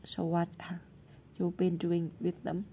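A woman's voice: fairly low pitch, monotone, unhurried, warm tone, slight background noise. A woman reading the part of a cross, curt mother in a storybook.

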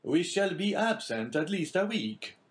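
A man reading the part of a loyal, gruff older sea captain in an audiobook, raising his voice above the narration. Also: sing-song, a little slow. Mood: troubled. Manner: declaims lines louder and higher than his narration.

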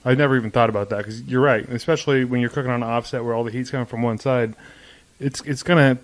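A man's voice: medium pitch, steady tone, quick pace, no echo. A man hosting a barbecue podcast, chatting casually and agreeably, often checking in with "right?". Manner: agreeable, easygoing, says "right?" a lot. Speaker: podcast host. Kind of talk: casual chat.

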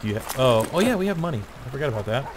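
A man's voice: medium pitch, big pitch swings, racing. A man hosting a casual co-op gameplay session, laid-back and chatty, laughing often. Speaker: gaming channel host. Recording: noisy home game recording.

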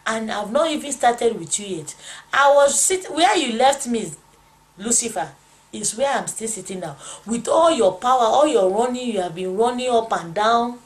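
A woman voicing God as a stern male figure who slowly rebukes and mocks a disobedient foe. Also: on the high side, lively intonation, lightly acted, poor audio.

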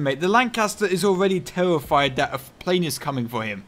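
A man commentates his own gameplay in a chatty, sarcastic way, full of slang. His voice sits a little high for a man, and he swings from low mutters to sudden loud outbursts. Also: lively intonation, quick pace, hardly any pauses. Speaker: video game commentator.

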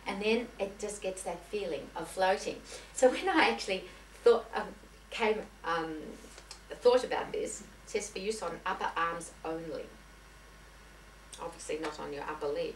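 A woman piano teacher giving a lecture to teachers, talking in a chatty, anecdotal way with many restarts and self-corrections. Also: medium pitch. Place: lecture room. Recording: echoey room, voice from far off, faint hiss.

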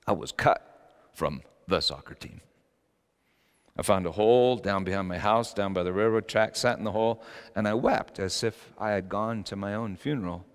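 A middle-aged male pastor preaches with a lively, swooping voice and a smooth, resonant tone. He tells stories and bursts into shouted quotes. The sound carries a long reverb, as in a church hall. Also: fairly low pitch. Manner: storytelling preacher, animated, acts out quotes with sudden shouts. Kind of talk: sermon.

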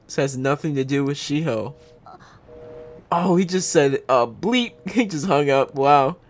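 Young man, game reaction host, excitable, laughs a lot, swears, very lively pitch. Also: unhurried. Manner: excitable, laughs often, swears freely, slangy. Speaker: gaming channel host. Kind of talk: casual game reaction commentary.

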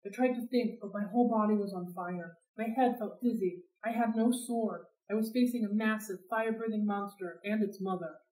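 A woman reads a novel aloud for a library read-along, telling it in an expressive, steady way. Her voice is at a middle pitch and carries a roomy echo. She sits back from the microphone. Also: normal speed, hardly any pauses. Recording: roomy sound, distant from mic.

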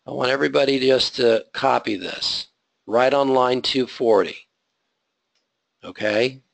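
Male web design instructor, gravelly tone, dry close sound, teaches code step by step. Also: medium pitch, measured pace, no room sound. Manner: talks through code step by step, checking in with "okay?". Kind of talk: live coding lecture. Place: classroom.

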